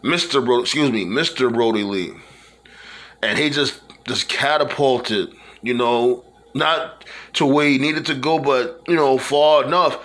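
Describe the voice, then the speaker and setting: A man's voice: medium pitch, unhurried, a bit bright. A man talking casually in a loose, rambling monologue, full of fillers and restarts. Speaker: wrestling fan vlogger.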